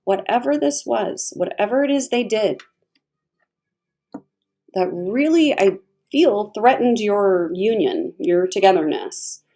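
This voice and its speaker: A woman giving a casual tarot reading, chatty and expressive, laughing often as she talks. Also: mid-range voice. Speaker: tarot reader.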